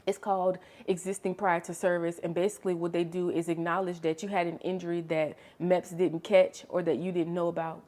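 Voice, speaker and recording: Animated young woman telling a story. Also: lowish voice. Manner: animated, expressive storytelling with sharp swings in loudness; chatty, addresses listener as honey and girl. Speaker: vlogger. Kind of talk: casual storytime chat.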